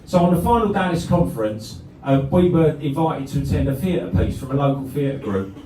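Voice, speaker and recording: A man's voice: fairly high pitch, expressive, a little fast, mellow, far from the mic, slight background noise. A man telling a sweary comic story on a club stage and laughing through it. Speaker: comedy band frontman. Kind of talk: live stand-up storytelling. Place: club stage with a live crowd. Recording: roomy live club recording from the crowd.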